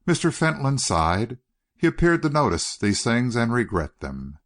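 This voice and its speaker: A man narrating an audiobook in a measured, expressive manner. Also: medium pitch. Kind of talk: scripted narration.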